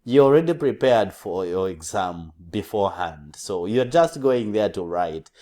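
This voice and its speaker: A man's voice: fairly low pitch, expressive, unhurried, mellow. A man coaching English test takers in a casual, earnest monologue, repeating key points and often restarting his sentences.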